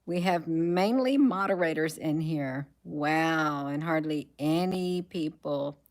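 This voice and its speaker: A woman's voice: deep voice, takes it slowly. A woman hosting a casual livestream, reading headlines aloud, musing to herself and trailing off with frequent ums. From United States. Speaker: livestream host.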